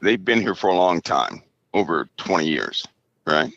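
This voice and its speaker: A man guest on a remote call, speaking haltingly and checking in with "right?" as he goes. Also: sits low, expressive, fairly bright tone, dry recording, muffled recording. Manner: halting, tags lines with "right?". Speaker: interview guest. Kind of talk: casual interview.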